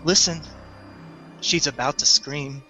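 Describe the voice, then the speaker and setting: A man's voice: on the high side, takes it slowly, pushed and bright, faint music behind, full character voice. A man voicing a maniacal human who gloats cruelly. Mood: gloating.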